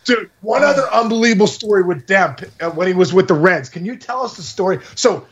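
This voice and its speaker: A man in his forties hosting a podcast, telling a story in casual chat, excitable and exaggerating, laughing at his own tale. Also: high-pitched, fairly quick, breathy edge, lo-fi sound. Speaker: podcast host.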